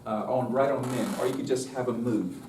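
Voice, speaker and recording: A man's voice: mid-range voice, fairly even intonation, brisk, background noise. A man leading a live choral workshop, chatty and self-interrupting, breaking off now and then to sing short demonstrations. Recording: roomy distant live room recording.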